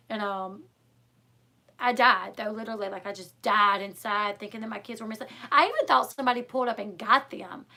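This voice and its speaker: A woman's voice: on the high side, steady tone, moderate pace, sharp tone. A woman vlogger telling a personal story in a casual, rambling way, full of fillers. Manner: rambling, filler-heavy, lots of "like" and "um"; emotional, retelling a scare.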